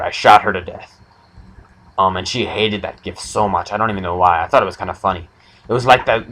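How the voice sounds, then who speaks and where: A young man hosting an improvised comedy chat, rambling through absurd deadpan jokes. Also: lowish voice, low-quality recording. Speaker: comedy podcast host.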